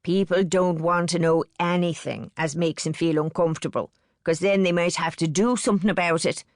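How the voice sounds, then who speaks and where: A woman voicing an elderly bedridden woman with a Liverpool accent who talks slowly and bluntly in dialect, fretful and lecturing. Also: on the low side, fairly even intonation, a little mellow, no echo, clean studio sound, close to an everyday voice. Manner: slow, blunt dialect speech.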